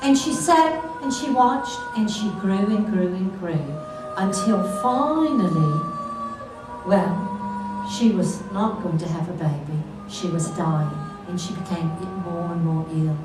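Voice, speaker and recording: A woman's voice: on the low side, a little slow, very echoey, far from the mic, music in the background, poor audio. A female comedian telling stories on stage in a theatrical way, sometimes singing bits of song. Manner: theatrical, sings snatches of song, laughs often. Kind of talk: stand-up storytelling in character.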